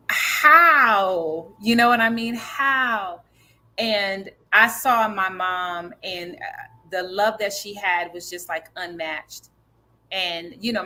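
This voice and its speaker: Woman author-director, interview guest, earnest and reflective, lower pitch, bright tone. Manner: earnest, reflective, faith-centered, frequent fillers. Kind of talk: conversational interview answers.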